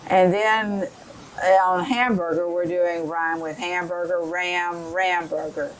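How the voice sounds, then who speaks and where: Slow-paced woman training teachers. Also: on the low side, fairly even intonation, a little hiss or hum, rough recording. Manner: slow, explanatory, models children's rhyming drills aloud.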